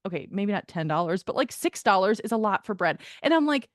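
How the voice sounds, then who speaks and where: A woman's voice: medium pitch, lively intonation, normal speed, few pauses, no echo, studio quality. A woman co-hosting a podcast, telling a story in casual chat with lots of laughter, acted-out quotes and swearing. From American Midwest. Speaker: podcast co-host.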